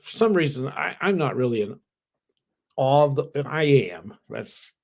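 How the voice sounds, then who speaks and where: A man co-hosting a betting podcast, telling an animated story in casual chat, swearing now and then and laughing. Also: mid-range voice, moderate pace, gravelly. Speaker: co-host.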